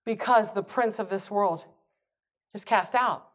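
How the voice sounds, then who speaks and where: A woman's voice: medium pitch, a little slow, long pauses. A woman preaching a sermon with fervent energy, reading and quoting scripture and building to emphatic peaks.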